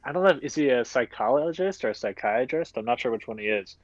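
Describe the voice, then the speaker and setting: A man's voice: mid-range voice, expressive, fast, dry recording, dull audio. A young man from Maine co-hosting a casual podcast, loose and laughing, full of fillers. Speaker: podcast co-host. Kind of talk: casual chat.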